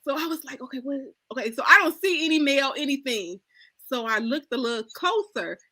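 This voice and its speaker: High bright-voiced woman telling animated stories. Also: fairly quick. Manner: animated storyteller acting out dialogue, laughing often. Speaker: panel host. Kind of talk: casual storytelling chat.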